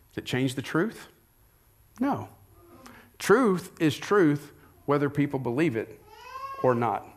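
A man's voice: a little high, expressive, normal speed, pauses often. A middle-aged male pastor preaching a sermon in a conversational way, often asking rhetorical questions.

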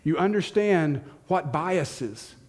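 Earnest Southern pastor preaching a sermon. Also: male voice, fairly high pitch, animated, slow pace, a little mellow. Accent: Southern American. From United States. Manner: earnest, questioning, repeats key lines for emphasis.

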